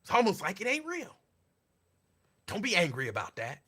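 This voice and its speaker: A man's voice: high-pitched, wildly swooping pitch, moderate pace, a bit bright, breathy edge. A man hosting a show, talking in casual commentary with a sarcastic, repetitive, preachy delivery. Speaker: host.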